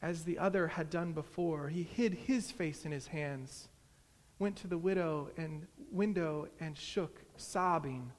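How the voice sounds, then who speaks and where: A man preaching a sermon, retelling a story slowly and dramatically in a large church. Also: a little high. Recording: long hall reverb.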